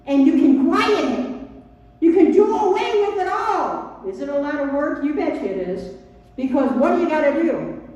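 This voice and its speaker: A woman's voice: sits high, animated, moderate pace, a little mellow, distant mic. Woman spiritual teacher, emphatic and repetitive, recorded from afar in a dull, echoey hall. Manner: emphatic, repetitive, acts out inner dialogue. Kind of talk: spiritual talk to a congregation.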